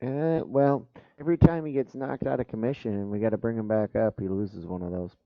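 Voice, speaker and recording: A man's voice: lowish voice, fairly even intonation, brisk, dry recording, muffled recording. A man playing a tabletop game, joking and easygoing in character chat. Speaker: player. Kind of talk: casual tabletop role-play chat.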